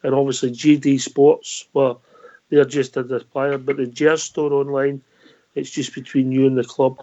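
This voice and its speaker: A man's voice: medium pitch, level tone, moderate pace, dark tone. A Scottish man hosting a casual call-in show, matey and chatty with callers. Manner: matey, calls everyone mate. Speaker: host. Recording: dull lo-fi online audio.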